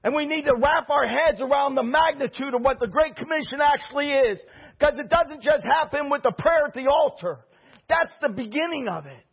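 A man preaching a sermon as pastor, impassioned, swinging between loud declarations and hushed asides. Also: extremely high pitch, normal speed, gravelly, muffled recording.

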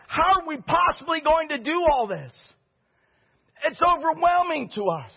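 A man preaching a sermon as pastor, impassioned, swinging between loud declarations and hushed asides. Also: extremely high pitch, husky, muffled recording.

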